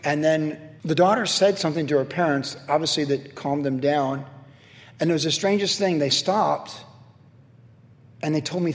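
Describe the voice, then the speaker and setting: Middle-aged male pastor, lively storytelling sermon, slightly high voice, echoing hall. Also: moderate pace. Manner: animated storytelling, acts out quoted voices, laughs at himself.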